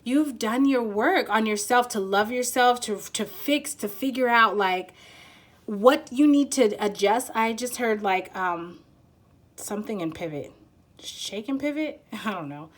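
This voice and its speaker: A woman's voice: on the high side, expressive, measured pace. A woman giving a casual pick-a-card tarot reading, rambling and giggly as she searches for words.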